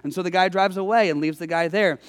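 High-voiced male pastor preaching in a hall. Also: fast. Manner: storytelling, emphatic, conversational preaching. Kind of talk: sermon.

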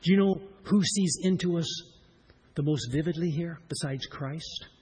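A middle-aged man preaching a sermon, swinging between loud emphatic lines and hushed, slowed-down ones. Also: fairly high pitch, husky, rough recording. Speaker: pastor.

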